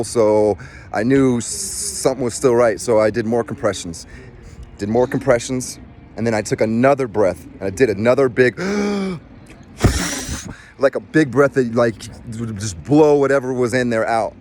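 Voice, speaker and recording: A middle-aged man recounts a personal story in a loose, rambling way, restarting sentences and acting out what people said. His voice sits at an ordinary pitch for a man. Faint street and traffic noise hums behind him outdoors. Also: a little mellow. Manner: rambling, with many restarts and acted-out quotes. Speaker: former Marine recounting a rescue. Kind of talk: casual storytelling.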